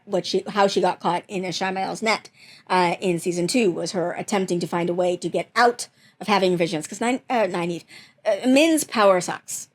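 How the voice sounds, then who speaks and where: A woman in a relaxed, chatty mood, talking on and on at home. She rambles, fills gaps with "uh" and "like", and keeps correcting herself mid-sentence. Her pitch sits in a plain middle range. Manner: rambling, lots of fillers and self-corrections. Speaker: channel host reacting to viewer theories. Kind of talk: casual reaction chat.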